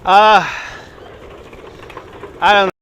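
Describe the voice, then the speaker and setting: Casual male tour guide in his 40s, high voice, chatty live-streamer recording outdoors on a phone. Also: fairly even intonation, extremely slow, fairly bright tone, clear, resonant tone, highs cut off. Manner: chatty, laughs at his own jokes. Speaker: livestreaming walking tour guide. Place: outdoors on city streets and a park. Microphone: phone on a handheld gimbal.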